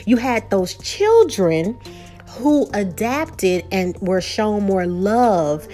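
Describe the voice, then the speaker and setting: A woman talks through a TV episode recap in a loose, conversational way, full of asides and restarts. Her voice sits at a middle pitch. Soft music plays faintly beneath her. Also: very slow. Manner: chatty and animated, frequent "you know" and restarts. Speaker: show recap host. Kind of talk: casual recap commentary.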